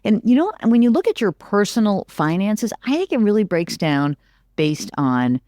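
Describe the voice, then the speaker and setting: Animated woman explaining markets, dry sound. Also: medium pitch, moderate pace, no echo. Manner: animated, emphatic, repeats for emphasis. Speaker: business analyst guest. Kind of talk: conversational interview.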